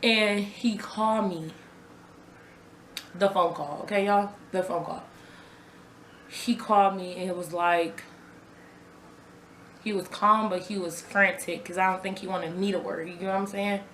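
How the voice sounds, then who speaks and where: A woman's voice: mid-range voice, steady tone, a little slow, long pauses, a bit bright, echoey room, slight background noise. A young woman recounting a personal story to her viewers in a casual, conversational way, often repeating herself. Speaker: vlogger telling her own story. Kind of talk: raw personal storytelling to camera.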